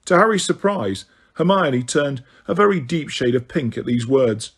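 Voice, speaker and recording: A man narrating a novel aloud in a steady, even storytelling voice. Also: medium pitch, moderate pace, hardly any pauses, breathy edge. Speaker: audiobook reader. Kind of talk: audiobook narration.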